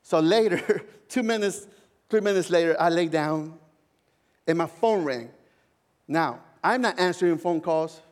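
A male pastor with a notably high voice gives a heartfelt sermon that works his own story in, with soft laughs here and there. His words ring through a long reverb from a large church hall. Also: a little slow. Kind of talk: sermon with personal testimony.

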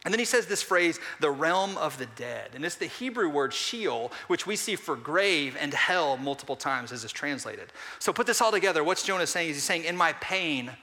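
Bright-voiced preacher man in a reverberant church. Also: fairly high pitch, sing-song. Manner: earnest preaching, rising to emphatic peaks and dropping to quiet pauses; asks the congregation questions. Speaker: pastor. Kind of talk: sermon. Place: church sanctuary. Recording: long hall reverb.

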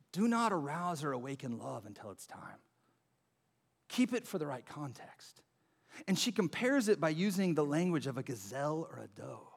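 A man with a high voice preaches in a relaxed, chatty way, acting out the lines he quotes. His voice carries a long reverb from a large church hall. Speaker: pastor. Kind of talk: sermon.

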